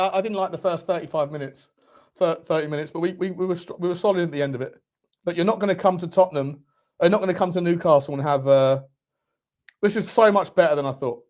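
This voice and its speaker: Host: man, high voice, live match reactions with lots of shouting and swearing. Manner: excitable, shouts at players, swears a lot. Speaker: football watchalong host. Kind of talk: live football watchalong commentary.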